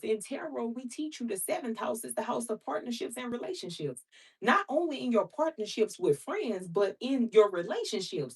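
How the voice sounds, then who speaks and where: A woman's voice: a little high, husky. Outspoken woman tarot reader, plain-spoken and profane, addresses viewers like sisters, mic a little far off. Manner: blunt, outspoken and preachy, swears freely; talks to viewers as sister and baby. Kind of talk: casual vlog chat to viewers.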